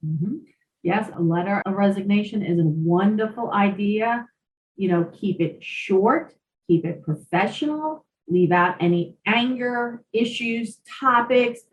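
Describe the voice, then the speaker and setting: A woman co-hosting a career podcast, chatting in a lively, talkative way and telling anecdotes. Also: mid-range voice, measured pace, muffled recording. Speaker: podcast co-host, career coach. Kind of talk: casual chat. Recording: roomy, distant mic, faint background noise.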